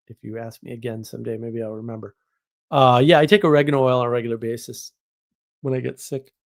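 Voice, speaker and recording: A man from New England hosting a live stream, chatting casually, rambling and joking with exaggeration as he answers viewers. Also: medium pitch. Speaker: live stream host reading chat.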